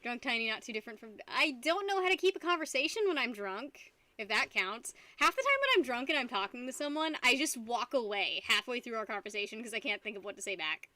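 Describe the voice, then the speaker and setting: Tipsy young woman, bright voice. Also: on the high side, sing-song, fast, no room sound. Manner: rambling, giggly, talks to her dog. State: tipsy from wine. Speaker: streamer. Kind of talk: casual live-stream chat.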